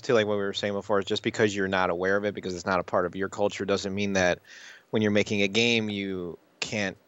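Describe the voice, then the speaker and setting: A man's voice: fairly low pitch, a bit bright, no echo. A man co-hosting a casual gaming podcast, laid-back and easily amused. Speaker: podcast co-host. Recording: dry, slightly dull mic.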